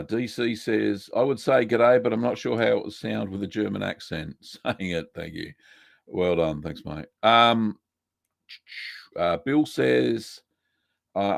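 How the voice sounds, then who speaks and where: A man hosting a live cheesemaking Q&A, relaxed and chatty, reading out viewer messages with lots of ums. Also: on the low side, gravelly, no room sound, studio quality. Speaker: cheesemaking show host answering live chat. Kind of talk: casual live-stream Q&A.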